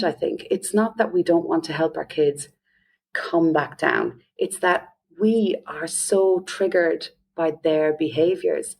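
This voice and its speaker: A woman with an Irish accent, a parenting coach explaining advice in a lively podcast interview. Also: fairly low pitch. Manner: lively, often acts out quoted parents and children.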